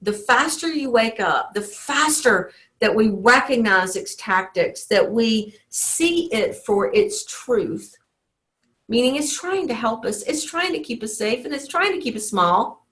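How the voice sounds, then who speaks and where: A woman's voice: on the high side, animated, a little slow, fairly bright tone. A woman teaching a motivational teleclass as a life coach, in an earnest, encouraging way. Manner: earnest, encouraging, often acts out inner self-talk.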